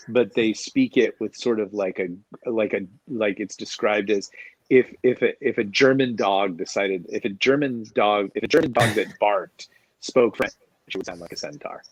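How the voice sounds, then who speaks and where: A man co-hosting a podcast, chatting casually in meandering, soft-spoken asides. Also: fairly low pitch, moderate pace, slightly rough, no room sound, low-quality recording. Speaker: podcast co-host. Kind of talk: casual chat.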